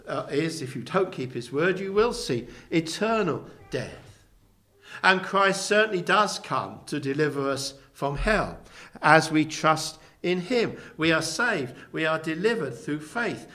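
Male pastor, sermon delivery, emphatic and earnest; bright, forceful tone. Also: a little high. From England. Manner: earnest, emphatic preaching with rising stresses.

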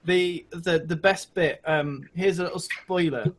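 A man's voice: fairly high pitch, fairly even intonation, unhurried, fairly bright tone. Welsh man, hesitant podcast chat. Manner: hesitant, full of ums and restarts. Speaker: podcast co-host. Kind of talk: casual chat.

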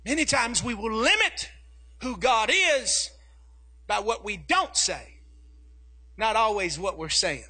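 A man preaching a sermon as pastor, telling a family story and rising to shouts. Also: high voice, slow pace, pauses often, slightly rough. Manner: animated preaching, acting out his daughter's voice, rising to shouts.

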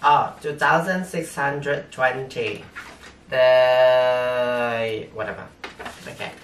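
A man with a non-native English accent, talking through an unboxing haul as a vlogger in halting, hesitant English full of fillers. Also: mid-range voice, fairly even intonation. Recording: roomy echo, distant mic, faint noise.

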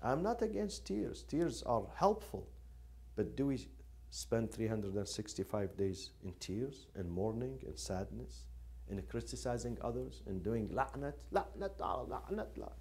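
A man delivers a religious lecture with passion. He talks at a mid-range pitch and drives his points home by repeating phrases. His tone swings between urgent and subdued. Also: animated, unhurried, dark tone. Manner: impassioned, repeats phrases for emphasis. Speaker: lecturer on Quranic studies.

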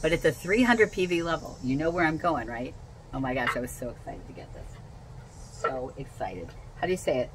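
A woman with a lowish voice gushes over each item in her unboxing vlog, repeating her praise in a bubbly rush. She talks casually from home, and a faint outdoor hum sits behind her. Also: expressive, normal speed, low-quality recording. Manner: gushing and enthusiastic, repeats herself. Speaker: essential oils seller.

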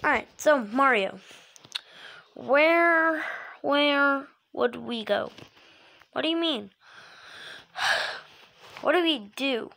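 Woman, high and bright, slow pace, jumps between characters in a toy comedy skit. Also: creaky. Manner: animated, switches between many character voices. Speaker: creator voicing toy characters. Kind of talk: acted comedy skit with toys.

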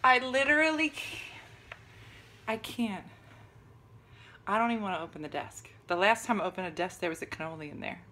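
Ranting to camera from her bedroom, a middle-aged comedian vlogger lets out gasps and exclamations of exasperation. Her mid-range voice is bright and forceful, and she talks fairly quickly but with long pauses.

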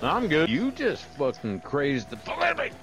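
A foul-mouthed man ranting and cursing at his friends during an online game, his pitch swinging wildly from low grumbles to high yelps. Loud music plays clearly behind his voice. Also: huge pitch swings, normal speed. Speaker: gamer playing online with friends. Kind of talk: profane casual game chat.

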